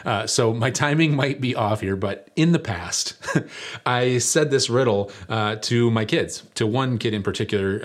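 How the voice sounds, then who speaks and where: A middle-aged man preaching a sermon, telling a story in a conversational, self-deprecating way. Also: fairly low pitch.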